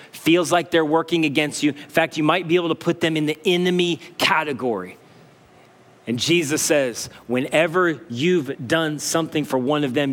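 A man preaching a sermon as pastor, animated as he acts out puzzled listeners, then dropping to slow, low emphasis. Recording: long hall reverb.

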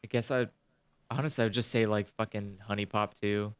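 A man's voice: lowish voice, steady tone, brisk, clean tone. A man in casual chat about video games, ranting animatedly and swearing a lot.

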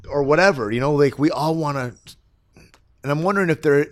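A man's voice: on the high side, brisk, long pauses, no echo. A man as a podcast guest in casual conversation, telling stories and acting out the people in them. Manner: animated storyteller, acts out quoted people.

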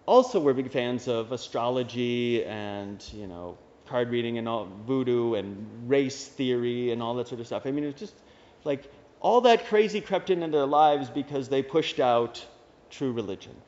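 A male Dominican priest gives a conversational homily with wry asides. His voice is mid-pitched, with a long reverb from the church around him. The recording is dull and lo-fi. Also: lively intonation, normal speed, hardly any pauses, darkish tone.

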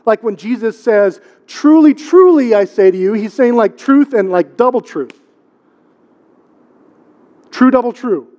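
High-voiced man preaching in a reverberant church. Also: unhurried, pauses often, a little mellow. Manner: conversational preaching with rhetorical questions and repetition. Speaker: pastor. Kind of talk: sermon. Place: church sanctuary. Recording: long hall reverb.

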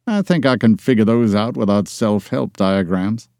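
A man's voice: lowish voice, normal speed, darkish tone, no room sound, lightly acted. A male audiobook narrator playing a wealthy young boss who grumbles and coaxes with dry humor, close to his own voice. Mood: grumbling. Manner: grumbling, coaxing banter. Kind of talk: audiobook character voice.

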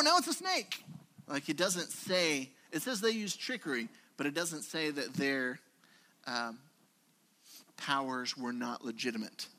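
A man preaching a conversational sermon in a church, telling stories and acting out quotes. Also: a little high. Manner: conversational, animated storytelling with acted-out quotes. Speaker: pastor.

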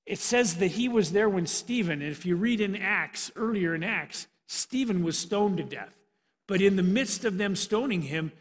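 A male preacher with a notably high voice tells the story with animated energy during a sermon, often restarting his sentences. A long reverb from the church hall colors the sound.

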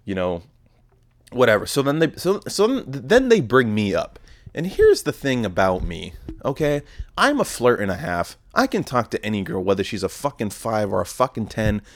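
A young man in his twenties hosting a podcast, telling a rambling, profane, self-deprecating story about a night out. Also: fairly low pitch. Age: 20s. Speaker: podcast host. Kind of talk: casual storytelling monologue.

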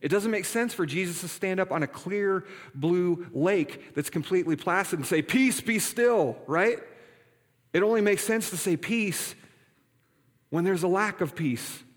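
Male pastor, slightly high voice, relaxed and joking, preaching in a church with a long echo. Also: normal speed. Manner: conversational, playful asides to congregation. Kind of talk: sermon. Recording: reverberant hall.

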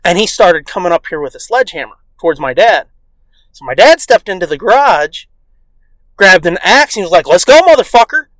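Swearing freely and full of energy, a podcast co-host spins crude stories and performs the voices of the characters in them. He speaks with a high pitch, a little fast, on a dry recording.

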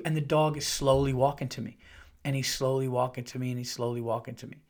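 A podcast host, a man in his thirties or forties, tells a story at a slightly quick clip. His delivery is casual, animated and full of profanity, and when he acts out quotes his pitch and volume suddenly jump.

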